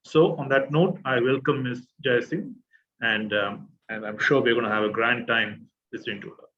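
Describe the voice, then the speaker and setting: Middle-aged man, formal halting introduction, muffled call audio with a little hiss. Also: medium pitch. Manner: hesitant, many filler sounds. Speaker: host introducing a speaker.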